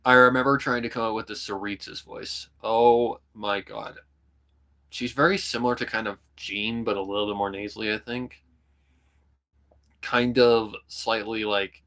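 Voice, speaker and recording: A young man streaming, chatting casually and rambling about voicing characters, often breaking into quick voice demos. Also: on the low side, bright, forceful tone. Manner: rambling, full of "kinda" and "like", jumps into voice demos. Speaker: streamer and hobby voice actor. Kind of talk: casual livestream chat.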